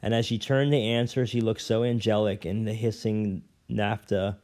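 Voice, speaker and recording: Man reading a novel aloud, unhurried. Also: on the low side, flat delivery, a little mellow. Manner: unhurried reading with occasional stumbles and self-corrections. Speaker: reader.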